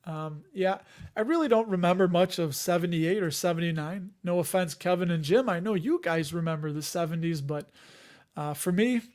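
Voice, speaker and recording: A man in his forties with a fairly high voice hosts a loose livestream chat. He wanders between thoughts, restarts his sentences and laughs easily as he reads out viewer comments. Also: moderate pace, darkish tone. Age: 40s. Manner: chuckles often, trails off and restarts. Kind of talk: casual rambling livestream chat.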